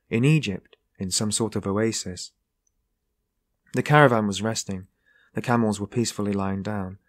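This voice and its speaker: A man reading a classic novel aloud in a measured, even narration. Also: on the low side, dry recording. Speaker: audiobook narrator. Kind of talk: scripted narration.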